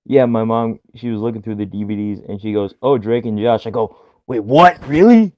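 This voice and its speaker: A man's voice: lowish voice, level tone, brisk, dry recording, lo-fi sound. A young man co-hosting a podcast, giggling often and acting out quotes in silly voices. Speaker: podcast co-host. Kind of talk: casual chat.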